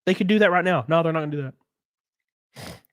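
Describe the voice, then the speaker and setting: A man hosting a livestream, reading viewer donations and ranting in a profane, excitable way. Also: fairly high pitch, fast, dry recording, clean studio sound. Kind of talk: casual livestream chat and rant.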